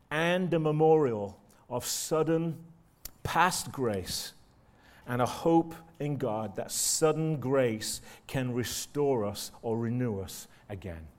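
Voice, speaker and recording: A man's voice: mid-range voice, darkish tone. A man preaching a sermon in a church, speaking conversationally and often turning to the listeners with rhetorical tag questions.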